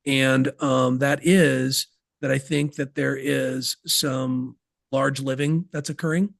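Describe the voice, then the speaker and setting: A man's voice: mid-range voice, flat delivery, slow, gravelly, no room sound, clean studio sound. A man guesting on a podcast interview, talking about business systems in an emphatic, folksy way with sports analogies.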